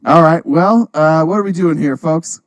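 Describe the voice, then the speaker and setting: A man's voice: fairly high pitch, normal speed, no echo. A man hosting a casual livestream group chat, teasing his guests and laughing often. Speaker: livestream host.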